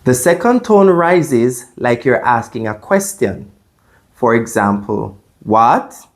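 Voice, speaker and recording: Male language tutor, mid-pitched, very unhurried; patient and clear, modeling sounds for beginners. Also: sing-song, a little mellow. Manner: patient, demonstrates sounds with repetition. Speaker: Chinese language teacher.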